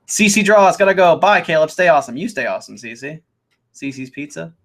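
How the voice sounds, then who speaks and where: A man's voice: a little high, lively intonation, a little fast, fairly bright tone. A young man hosting a casual live Q&A, chatting upbeat as he reads out viewer questions. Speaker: host.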